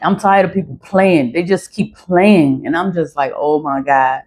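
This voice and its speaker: A woman's voice: on the low side, moderate pace, darkish tone, breathy edge. A woman ranting to camera in a casual vlog, blunt and frustrated, swearing often and repeating phrases for emphasis. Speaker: vlogger.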